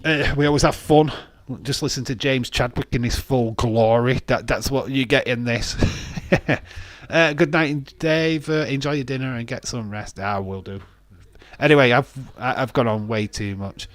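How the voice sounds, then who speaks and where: A man's voice: medium pitch, steady tone, normal speed, a bit bright, no echo. A man hosting a casual wrestling watch-along stream, rambling, laughing often and reading out viewer comments.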